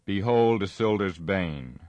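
A man's voice: sits low, lively intonation, takes it slowly, a little mellow, dry recording, muffled recording, voice pushed up. A man voicing an ancient, wise elf lord who speaks in a stately, pronouncing way.

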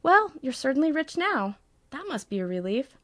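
A woman voicing a sharp-tongued, insecure young bride with a cutting, haughty delivery, pitched above her own voice. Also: very animated, normal speed, no echo, clean studio sound. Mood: haughty, wounded.

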